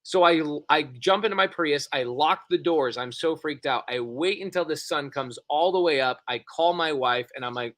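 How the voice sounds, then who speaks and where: A middle-aged man telling a story in an excitable, animated way, with quick bursts and repeated phrases. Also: on the high side. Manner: excitable, rapid and repetitive. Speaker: podcast co-host.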